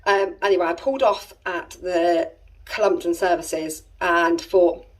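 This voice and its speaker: A woman's voice: lowish voice, fairly even intonation, unhurried. A woman in her thirties with an English accent, rambling through a family story in casual chat, with exasperated asides. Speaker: family vlogger. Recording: voice a little distant from the mic.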